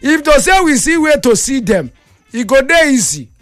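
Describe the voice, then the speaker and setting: High-voiced man in Nigerian Pidgin. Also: sing-song, moderate pace, a bit bright, no echo, distant mic, soft background music. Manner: worried, questioning. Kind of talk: vox pop comment.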